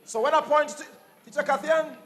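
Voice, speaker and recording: A Grenadian man leading children in a folk call-and-response class, lively, playful and encouraging, repeating his instructions. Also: very high-pitched, fairly quick. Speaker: folk music workshop leader. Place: indoor music fair.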